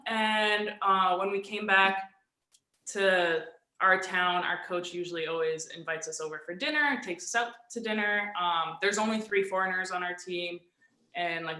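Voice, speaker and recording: A young woman, a professional volleyball player, telling a story in a relaxed, chatty way with lots of "like". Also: on the low side, echoey room. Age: young adult. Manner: animated storyteller, frequent "like". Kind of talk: casual storytelling on a video call.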